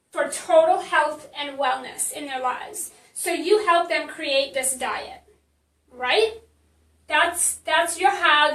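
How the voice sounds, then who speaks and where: A woman's voice: high-pitched, a bit bright, reverberant, distant mic, rough recording. A woman marketing coach teaching in a casual live stream, chatty and blunt, with many fillers and restarts.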